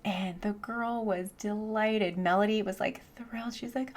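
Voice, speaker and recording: A woman teaching English online, chatting casually in a vlog with lots of "like" and easy laughter, speaking into a boom headset mic from her home office. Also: steady tone, measured pace. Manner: chatty, says "like" often, laughs easily.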